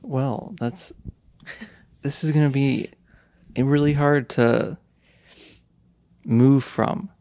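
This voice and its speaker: A young man hosts a casual podcast interview, putting slow, halting questions with plenty of fillers. His gravelly voice is still smooth and resonant, and his delivery stays flat and unhurried. The recording is dry and close. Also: medium pitch, no echo. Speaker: podcast host.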